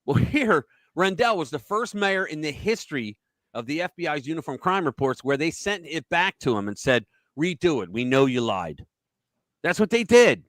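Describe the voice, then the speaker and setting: Philly guy hosting a political livestream, rambling and cussing, pitch all over the place, dry sound. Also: big pitch swings, normal speed, a bit bright, no echo. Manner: rambling storyteller, blunt and profane. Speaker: host. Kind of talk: casual political talk livestream.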